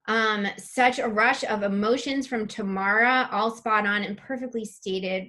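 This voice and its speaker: A woman's voice: on the high side, a little slow, a bit bright. A woman presenting a live online spiritual masterclass, reading chat comments aloud and gushing over them with open emotion.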